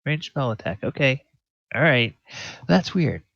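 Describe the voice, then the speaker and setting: A man's voice: mid-range voice, expressive, a little slow, vocal fry, fairly bright tone, no room sound. A man running a tabletop game as dungeon master, hesitant with many fillers, on a muffled recording.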